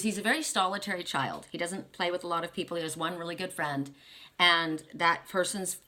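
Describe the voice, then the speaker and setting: An older woman talks casually about family while reading oracle cards. Her voice sits slightly low but sounds bright and forward. She rambles, restarts her sentences, and lets emotion show. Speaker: oracle card reader. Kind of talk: casual spiritual talk.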